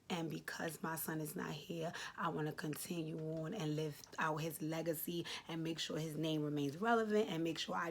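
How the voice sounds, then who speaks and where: A woman's voice: low-pitched, vocal fry, breathy edge. A woman in her late thirties giving heartfelt advice to camera, earnest and emotional, repeating key phrases for emphasis. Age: late 30s. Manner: speaks directly to viewers, informal. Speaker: advice vlogger answering a letter.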